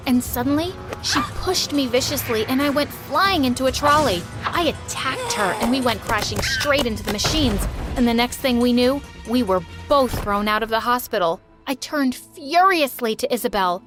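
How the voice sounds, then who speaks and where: A young woman with a high voice tells a dramatic first-person story, leaning emotionally into each turn of events. Light music runs quietly behind her. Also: moderate pace, hardly any pauses. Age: young adult. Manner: expressive, emotional delivery.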